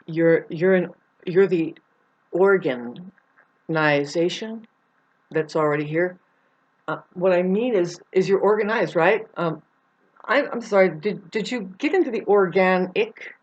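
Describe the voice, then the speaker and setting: Rambling woman on a dull lo-fi recording. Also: measured pace. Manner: meandering, swings between loud bursts and low mutters, swears. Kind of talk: rambling monologue to camera. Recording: dull lo-fi sound.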